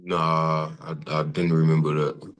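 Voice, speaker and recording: A man's voice: rumbling low, flat delivery, unhurried. A man in his thirties, a trainee playing a client, answering in brief, laid-back replies. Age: 30s.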